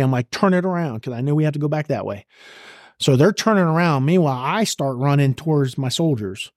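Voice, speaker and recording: A man's voice: mid-range voice, no echo, clean studio sound. A middle-aged man, a retired army sergeant major, telling intense combat stories as a guest in an interview, blunt and profane. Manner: blunt, profane and vivid, acting out shouted orders. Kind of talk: intense war storytelling in a podcast interview.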